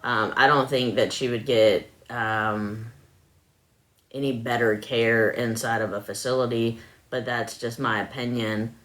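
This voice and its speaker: A woman's voice: very deep voice, steady tone, a little slow, a bit bright. A woman hosting a casual live stream from home into her phone, chatty, laughing often and filling her talk with ums. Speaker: livestream host.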